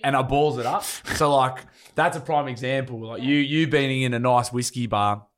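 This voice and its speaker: A man's voice: mid-range voice, normal speed. A man in his twenties with an Australian accent, co-hosting a casual podcast chat, crude and joking with lots of swearing. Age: 20s. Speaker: podcast co-host.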